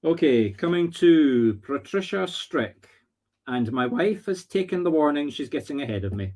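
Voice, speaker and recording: A Scottish man working as a medium on a live stream, talking earnestly and haltingly, often searching for words. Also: on the high side, expressive, darkish tone. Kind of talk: live-streamed spirit readings.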